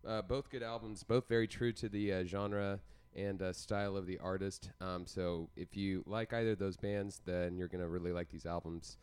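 A man's voice: sits low, fairly even intonation, moderate pace, hardly any pauses, darkish tone, smooth. A man co-hosting a casual music podcast, rambling and joking with lots of fillers. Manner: rambling, jokey, many fillers. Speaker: podcast co-host.

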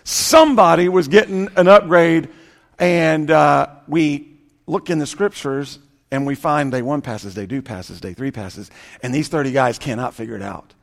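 A male pastor preaching a sermon, telling a story with dramatic swings from loud bursts to hushed lines and dry sarcastic asides. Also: fairly high pitch, expressive, a little slow, vocal fry.

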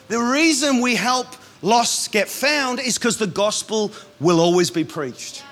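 A man, a pastor, preaching a sermon in a lively, punchy way with quick asides. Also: very high-pitched.

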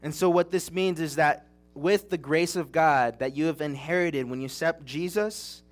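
A young man delivers a sermon in an earnest, chatty storytelling manner, and his voice sits a little higher than most men's. He is from Southern California. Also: normal speed, faint music behind. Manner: earnest, conversational storytelling with restarts. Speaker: preacher.

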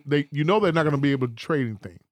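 A man hosting a casual group chat, lively and steering the talk with quick prompts. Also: on the high side, no room sound.

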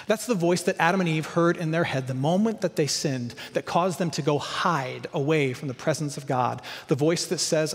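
A man's voice: fairly high pitch, in a large hall. A male pastor preaching a sermon, emphatic, with repeated lists and rhetorical questions.

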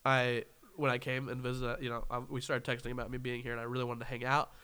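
A man's voice: mid-range voice, completely flat delivery, quick pace, bright, forceful tone, smooth. A young man hosting a casual interview podcast, joking, rambling and laughing often. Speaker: podcast host.

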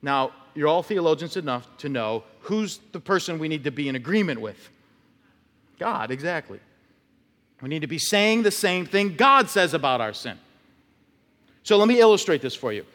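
A man's voice: on the high side, very animated, normal speed, fairly bright tone. A male pastor preaching a conversational sermon, telling stories and acting out short quotes. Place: church sanctuary. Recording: long church reverb.

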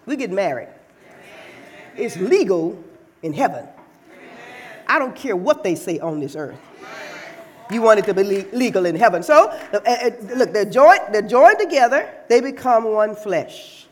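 Woman preacher, teasing and animated, lively pitch, church sermon. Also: a little slow, long pauses, slight background noise. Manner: playful, teasing, animated delivery.

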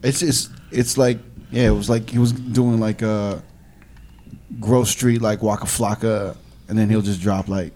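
A man's voice: fairly low pitch, fairly even intonation, measured pace, warm tone, a little hiss or hum. Laid-back swearing podcast host, man. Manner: laid-back, swears freely, laughs a lot. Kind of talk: casual chat.

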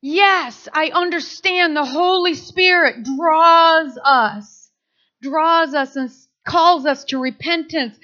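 High bright-voiced woman preaching. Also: takes it slowly, lo-fi sound. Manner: animated storytelling with acted quotes. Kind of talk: sermon.

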